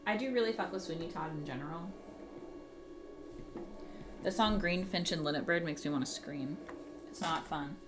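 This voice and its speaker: A woman hosting a casual livestream from home, chatting with viewers in a giggly, animated way with casual swearing. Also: low-pitched, normal speed, pauses often, noisy background. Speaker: livestream host.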